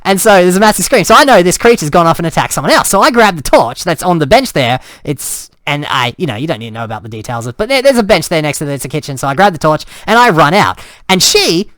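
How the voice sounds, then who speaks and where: A man's voice: on the high side, big pitch swings, quick pace, a bit bright, no room sound. A man telling a story in a casual way, acting out cries and sounds and often restarting his sentences. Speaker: storyteller and host.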